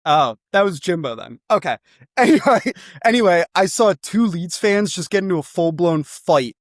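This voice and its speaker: A young man with a slightly raised voice pitches a football club like a rowdy salesman, rambling and swearing as he goes. His voice sits close and dry, with no room sound around it. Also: normal speed, no room sound. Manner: excitable, rambling, swears freely.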